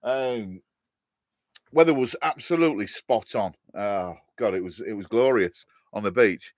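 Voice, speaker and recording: A man's voice: lowish voice, measured pace, a little mellow, dry recording, studio quality. A middle-aged man with a Hull, East Yorkshire accent, chatting casually on a live stream, answering viewer comments in a jokey, rambling way and laughing often.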